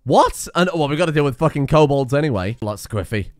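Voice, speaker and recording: Young male gamer, lively swooping voice, dry close mic, excitable, cursing commentary. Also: mid-range voice, fast, no echo. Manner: excitable, swears, laughs at disasters. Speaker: gaming video host. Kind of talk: casual let's play commentary.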